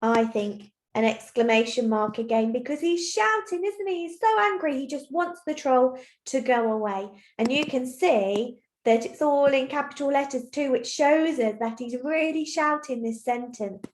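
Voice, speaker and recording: A woman teacher giving a recorded lesson to young children, explaining clearly and patiently step by step. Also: sits high, animated, normal speed, few pauses. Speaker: primary school teacher. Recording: roomy echo.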